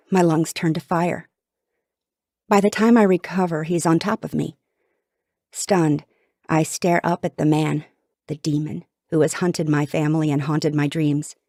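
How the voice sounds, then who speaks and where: A woman's voice: low-pitched, darkish tone, no room sound, clean studio sound. A woman narrating an audiobook in the first person with an intense, dramatic delivery.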